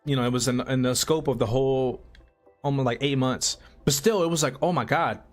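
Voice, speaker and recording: A man's voice: medium pitch, a little fast. A man live-streaming a game, chatting loosely with viewers in slang-filled, rambling talk. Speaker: gaming streamer. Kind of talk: casual live-stream chat while playing. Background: soft background music.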